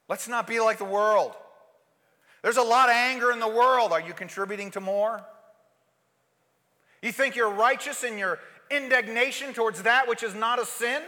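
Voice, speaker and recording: A male pastor preaching a sermon, shifting between loud, forceful outbursts and soft, quiet asides. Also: high-pitched, long reverb tail.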